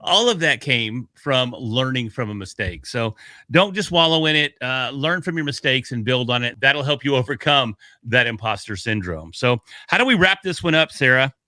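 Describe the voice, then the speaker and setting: A man co-hosting a casual podcast, his voice bright and forceful. He talks in an upbeat, motivational way and jokes with his co-host, recorded close and dry with no room sound. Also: medium pitch, expressive, moderate pace, dry recording.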